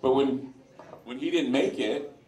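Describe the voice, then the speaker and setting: A man's voice: medium pitch, a little slow, darkish tone. Male host, blunt and opinionated, addressing a lounge crowd; echoey, distant room sound. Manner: blunt, opinionated, with crude asides. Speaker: radio host speaking to a live audience. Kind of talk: informal talk to a bar crowd. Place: sports lounge in front of an audience. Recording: echoey room, voice far from mic.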